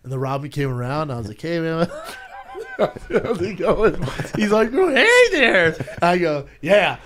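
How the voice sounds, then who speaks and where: A man in his thirties co-hosting a comedy podcast, telling stories loudly with laughs and swearing. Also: a little high, a little slow. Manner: loud, laughing storyteller with swearing. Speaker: podcast co-host. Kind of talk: casual comedic chat.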